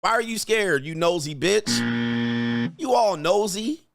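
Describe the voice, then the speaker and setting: A man's voice: high voice, expressive, measured pace, dry recording, studio quality. Blunt, profane male commentator. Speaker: commentary host and coach. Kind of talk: reaction commentary.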